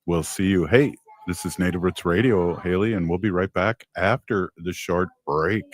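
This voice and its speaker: Deep-voiced man hosting radio. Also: moderate pace. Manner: relaxed, affirming interjections. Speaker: radio host. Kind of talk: casual radio chat.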